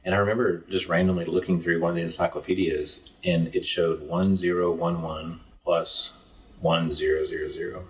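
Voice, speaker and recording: Podcast guest: low-voiced reflective man from East Texas, neutral accent, sits a bit off the mic. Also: flat delivery, moderate pace, recorded from a distance, rough recording. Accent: neutral American, faint Texas trace. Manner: earnest, reflective storyteller. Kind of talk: casual conversation.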